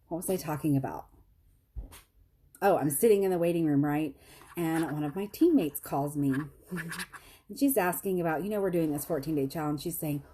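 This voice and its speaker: Chatty low-voiced woman vlogger. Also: normal speed, pauses often, mellow, a little hiss or hum. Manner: chatty, self-deprecating, laughs often, quotes others in high voices. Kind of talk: casual storytelling to viewers.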